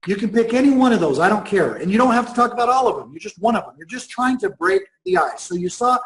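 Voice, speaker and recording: High-voiced, fired-up sales trainer man. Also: fast, echoey room, poor audio. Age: middle-aged. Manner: energetic, enthusiastic, emphatic. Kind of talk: training seminar talk.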